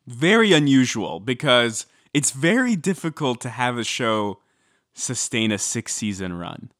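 A man co-hosting a podcast, giving measured, wry explanations in casual celebrity gossip chat. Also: medium pitch, big pitch swings, a bit bright, no echo, clean studio sound. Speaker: podcast co-host.

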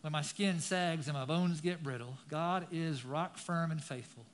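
A man's voice: a little high, a little slow. A man preaching a sermon, reading scripture dramatically and turning to the congregation with casual asides. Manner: dramatic scripture reading, rising loud on key lines. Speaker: pastor.

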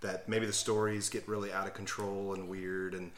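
A man's voice: sits low, little pitch movement, moderate pace. A man co-hosting a podcast in casual chat, explaining at length and with enthusiasm. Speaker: podcast co-host. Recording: roomy echo.

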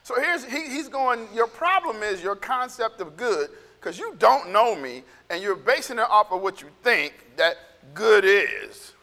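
A man's voice: high-pitched, very animated, unhurried, vocal fry, hardly any pauses, sharp tone. A man preaching a casual, conversational sermon. He repeats himself and acts out the people he quotes. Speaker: pastor. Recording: echoey hall.

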